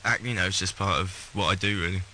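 A man's voice: sits low, steady tone, fast talker, pushed and bright, a little hiss or hum, poor audio. Easygoing British-raised male actor. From Britain. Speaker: actor guest. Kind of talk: casual interview chat.

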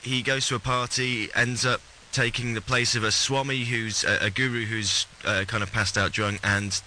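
Bright-voiced British actor guest. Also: male voice, medium pitch, steady tone, normal speed, poor audio. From Britain. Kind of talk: casual chat. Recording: light hiss.

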